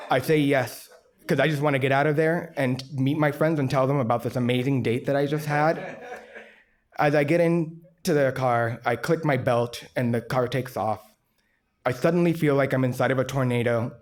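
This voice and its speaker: A man of average pitch tells a true story from his own life on a storytelling stage. His delivery is candid and self-deprecating, with wry asides dropped along the way. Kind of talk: live personal storytelling.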